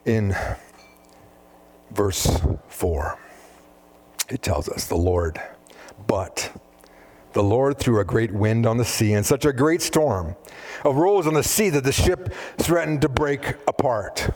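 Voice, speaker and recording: A man preaching a sermon, animated, often acting out biblical dialogue in different voices. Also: mid-range voice, slow pace, pauses often. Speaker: pastor.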